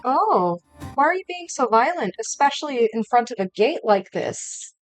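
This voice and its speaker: A woman's voice: fairly high pitch, very animated, moderate pace, soft background music. Woman player voicing her character. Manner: shifts between narrating her character and pleading in a tearful put-on voice. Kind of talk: tabletop role-play in character.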